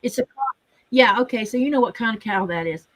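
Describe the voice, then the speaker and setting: Woman guest, higher voice, storytelling and laughing, faint background noise on a call mic. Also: brisk. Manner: tells stories with laughter, asks questions. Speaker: regular guest in the chat. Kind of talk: casual chat.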